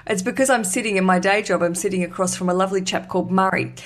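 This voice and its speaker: A woman's voice: mid-range voice, quick pace. Woman, Australian accent, podcast host, chatty, playful, casual interview. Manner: chatty, playful, does voices.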